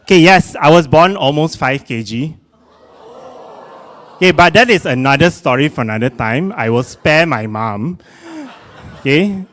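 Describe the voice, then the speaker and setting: Animated Singaporean man, lively pitch. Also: measured pace. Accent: Singaporean English. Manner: animated, self-mocking, exclamatory. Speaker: performer. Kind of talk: comic spoken-word performance.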